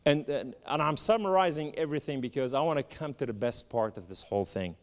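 A man from the Middle East giving a spoken testimony, telling his story with animated, emphatic lists. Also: mid-range voice, brisk. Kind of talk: testimony sermon. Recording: long hall reverb.

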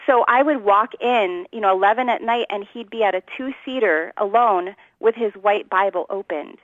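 A woman's voice: mid-range voice, normal speed, no room sound, phone-quality sound. A woman earnestly telling her personal testimony in a conversation, acting out the voices of people in her story. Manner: earnest storytelling, acts out quotes, laughs often.

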